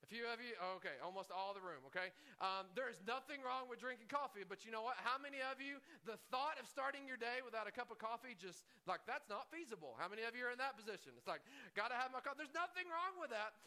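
Male pastor, sermon, high bright voice, chatty storytelling, asks the room questions. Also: expressive, fast talker, few pauses.

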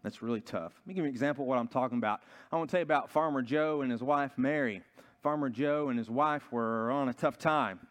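A man's voice: mid-range voice, fast, fairly bright tone. A man preaching a sermon in a church, telling a story earnestly and often restarting his sentences. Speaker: pastor.

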